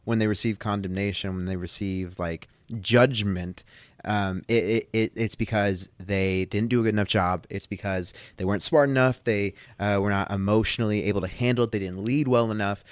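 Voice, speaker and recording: A man co-hosting a casual faith podcast, talking earnestly and thinking out loud, often restarting his sentences. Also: on the low side, steady tone, normal speed, no room sound. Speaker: podcast co-host.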